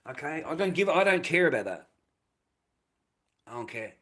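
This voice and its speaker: A man's voice: a little high, big pitch swings, normal speed, fairly bright tone. Profane, rambling Australian man. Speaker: live streamer. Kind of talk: casual live-stream rant.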